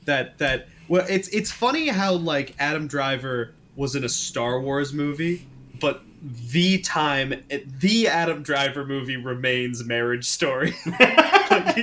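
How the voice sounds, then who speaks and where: A man's voice: medium pitch, expressive, a little slow, fairly bright tone, a little hiss or hum. A young man co-hosting a podcast, chatting eagerly with stammered restarts and frequent laughs. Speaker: podcast co-host. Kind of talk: casual chat.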